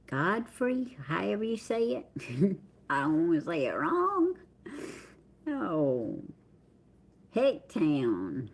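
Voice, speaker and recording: A woman's voice: fairly low pitch, huge pitch swings, slow, long pauses, slightly rough. A middle-aged woman with a Southern American accent, casually chatting to viewers on a livestream and reading out their names in a drawl. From Southern United States. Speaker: livestream host. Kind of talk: casual live chat greeting viewers.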